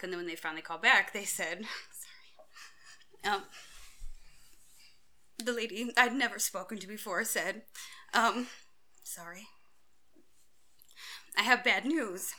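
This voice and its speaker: A woman in her thirties with a bright, forward tone tells her own story in an interview. She speaks candidly and acts out the other people in it, sometimes jumping suddenly loud and high. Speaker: mother telling her story.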